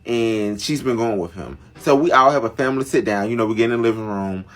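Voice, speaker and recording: A man's voice: medium pitch, fairly quick, a bit bright. A young man narrating a dramatic family story to his viewers in a chatty, casual storytime style. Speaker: storyteller vlogger.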